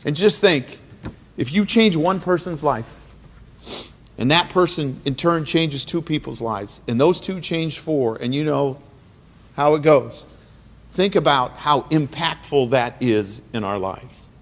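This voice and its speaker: A man's voice: a little high, takes it slowly. Earnest man giving a heartfelt speech in a hall. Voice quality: earnest, preacher-like cadence with repetitions. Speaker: guest speaker at awards dinner. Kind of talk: emotional motivational speech. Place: banquet hall. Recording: long hall reverb.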